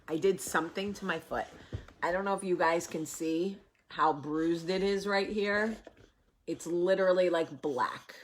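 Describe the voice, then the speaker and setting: A woman's voice: fairly low pitch, slight background noise. A woman with a New Jersey accent hosting a casual home vlog, chatting to camera in her kitchen and calling out to her family. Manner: animated, shouts across the house, coos at the dog. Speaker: vlog host.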